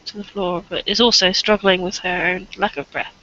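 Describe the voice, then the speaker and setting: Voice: medium pitch, fairly even intonation, moderate pace, pushed and bright. A player narrating their character's actions in a tabletop role-playing game in a casual, plain way, on a dull lo-fi recording.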